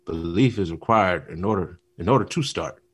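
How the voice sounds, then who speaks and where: A man co-hosting a casual talk show, telling a story with animated retellings and acted-out lines. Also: sits low, moderate pace, breathy edge. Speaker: podcast co-host. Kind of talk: casual chat.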